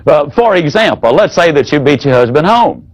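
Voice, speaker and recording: A man teaching a sales training seminar in a folksy, demonstrative way. He drops his voice low whenever he acts out an example. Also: sing-song, moderate pace, poor audio.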